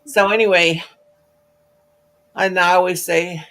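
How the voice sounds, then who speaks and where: A woman's voice: on the low side, steady tone, slow, fairly bright tone. An older woman hosting a crochet livestream, telling rambling stories full of restarts and asides in casual chat.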